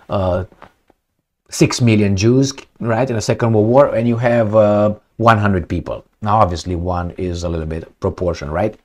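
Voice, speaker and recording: A man with a lowish, slightly mellow voice, a political commentator, offers blunt, opinionated and sometimes profane remarks on news articles. He rambles, using many fillers and restarts.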